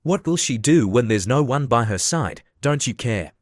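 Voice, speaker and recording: A man voicing a composed young woman who calmly reasons and lectures, in a narrated manga recap. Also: medium pitch, normal speed, no echo, studio quality, natural voice. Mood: persuading. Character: composed young woman, calm persuasive friend.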